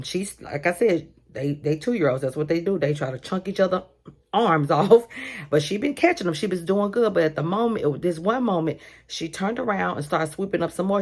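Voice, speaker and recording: A woman with a slightly low voice tells a storytime from her daycare job. She chats loosely, circles back often and keeps calling out to her viewers. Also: darkish tone. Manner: chatty, addresses listeners as y'all, lots of asides. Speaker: vlogger telling a workplace story. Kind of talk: casual storytime.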